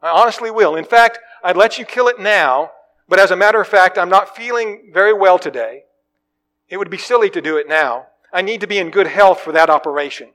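A man's voice: sits high, fairly quick, a bit bright, voice pushed up. A man voicing the ghost of a man, pleading, stammering and whiny in a raised voice. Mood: nervous, pleading.

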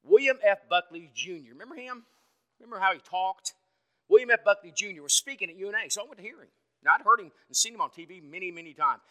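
A man preaching an evening sermon in a folksy, conversational way, asking the congregation questions and swinging from loud to soft. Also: high-pitched, expressive, quick pace. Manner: dynamic, swings from loud to quiet.

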